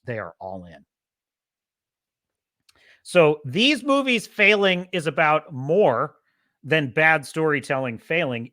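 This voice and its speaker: Guy hosting a chatty stream, kinda high voice, goes off on rants. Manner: animated, opinionated, ranting at times; imitates radio DJ cadence. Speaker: podcast host. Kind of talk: casual livestream commentary.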